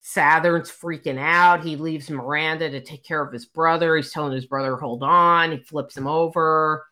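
A woman co-hosting a casual book recap chat, retelling the plot as a story and answering with quick agreement. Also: deep voice, steady tone, bright, forceful tone. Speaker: podcast co-host.

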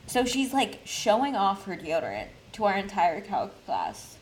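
A woman's voice: mid-range voice, sing-song, a little slow, a little hiss or hum, rough recording. A young woman co-hosting a podcast, telling stories in a chatty, self-mocking way. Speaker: podcast co-host. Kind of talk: casual chat.

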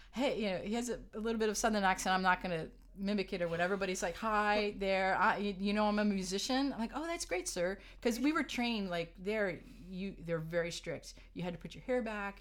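A middle-aged woman, a harpist guest, telling stories in a casual interview, chatty and laughing often as she quotes others. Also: medium pitch.

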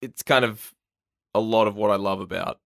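A man's voice: fairly low pitch, steady tone, normal speed, vocal fry, a bit bright. A man co-hosting a podcast, talking enthusiastically and rambling with many restarts about comics. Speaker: podcast co-host. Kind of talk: casual chat about comics.

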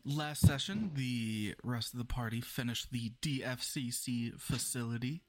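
A man's voice: medium pitch, unhurried, soft background music. Laid-back man running a tabletop game. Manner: relaxed, laughs often. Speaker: game master.

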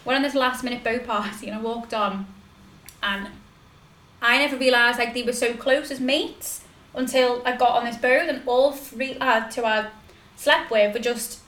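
Young woman podcast host, high bright voice, rambly storytelling, echoey room. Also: fairly even intonation, moderate pace. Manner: rambling, full of "like" and restarts. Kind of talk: casual storytelling chat.

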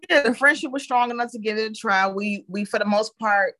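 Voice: medium pitch, brisk, pushed and bright, no echo. A speaker in a casual chat, rambling and hedging with lots of fillers.

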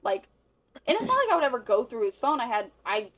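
Speaking fast in a slightly high voice, a young podcast co-host tells a story in a loose, chatty way. She curses freely and acts out the quoted lines with animated energy.

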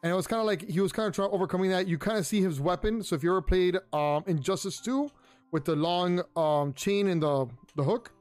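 A man's voice: high-pitched, fairly quick, darkish tone. A man hosting his own pop culture show, talking casually and rambling through a review, with many ums and repeated words. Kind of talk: casual solo review talk. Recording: faint music underneath.

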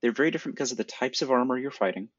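A man's voice: medium pitch, animated, racing, no echo. A man co-hosting a casual film podcast, explaining things in detail and at length. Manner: knowledgeable, explains at length about swords. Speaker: podcast co-host. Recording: dry, dull lo-fi sound.

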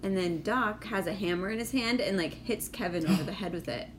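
A woman's voice: medium pitch, fairly quick, over a noisy crowd. A woman in casual chat, recapping a TV episode and quoting characters, with plenty of "like" and "you know". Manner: chatty, retells scenes with lots of "like". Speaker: podcast co-host recapping a show.

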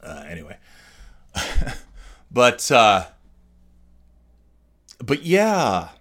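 A man's voice: mid-range voice, huge pitch swings, extremely slow, a bit bright. A man hosting a solo podcast, ranting in a rambling, profane way with frequent restarts. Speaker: podcast host. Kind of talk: casual solo podcast monologue.

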